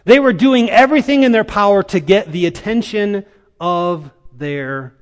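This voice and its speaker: High-voiced male preacher in a reverberant hall. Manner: dramatic storytelling with emphatic pauses. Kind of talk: sermon.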